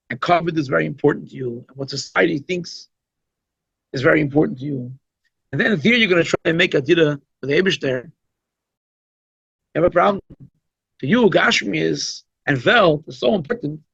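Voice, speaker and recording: A rabbi gives a conversational, emphatic Chassidic talk with frequent asides. His voice sits somewhat high and has a gravelly, husky grain. The recording is dry and dull, with little room sound. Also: fairly bright tone, dry recording. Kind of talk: informal Chassidic talk at a holiday gathering.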